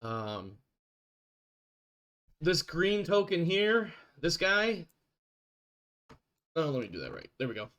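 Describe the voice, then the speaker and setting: A man serving as game master for an online tabletop game, his voice sitting a little higher than most men's. He talks in a loose, rambling way, stopping to correct himself as he goes. He is heard over a voice call. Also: big pitch swings, slow pace, long pauses, a bit bright, highs cut off.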